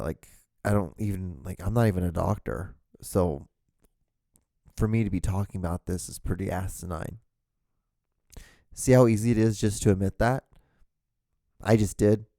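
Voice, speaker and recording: A man's voice: low voice, steady tone, moderate pace, pauses often, mellow, no echo, studio quality. A man in his thirties hosting a podcast alone, rambling casually with lots of fillers, restarts and swearing. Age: 30s. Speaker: podcast host.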